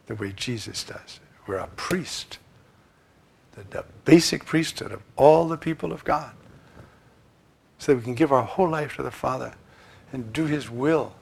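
A man preaching a sermon, swinging from loud, emphatic lines to hushed asides. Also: medium pitch, gravelly, husky.

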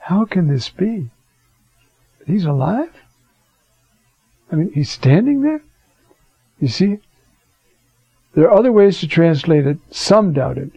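A man's voice: fairly high pitch, lively intonation, a little slow, long pauses, warm tone, breathy edge, no room sound, lo-fi sound. A man teaching a Bible class in a chatty way, asking rhetorical questions and dropping in fillers. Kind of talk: conversational scripture class.

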